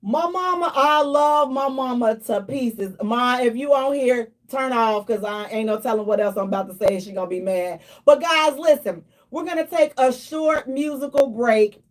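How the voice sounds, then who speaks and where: A woman hosting a radio talk show in a lively, playful storytelling manner. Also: a little high, moderate pace, hardly any pauses. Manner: animated, playful, slips into mock prayer and acted quotes.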